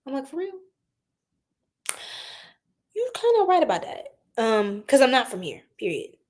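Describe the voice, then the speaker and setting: A young woman giving a casual live-stream tarot reading, animated and slangy as she chats with her viewers. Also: a little high, normal speed, long pauses.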